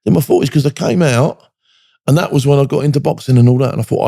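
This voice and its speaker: Fast-talking gravelly man, blunt. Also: medium pitch, dark tone, no room sound, studio quality. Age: 40s or older. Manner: blunt, heavy swearing, frequent "do you know what I mean". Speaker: guest, military veteran. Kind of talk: candid podcast interview.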